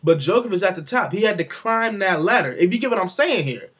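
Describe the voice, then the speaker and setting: A man's voice: sits high, very animated, brisk, a bit bright, slightly rough. A man giving his casual, rambling opinions on the sport, with offhand asides. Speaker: sports commentator vlogger.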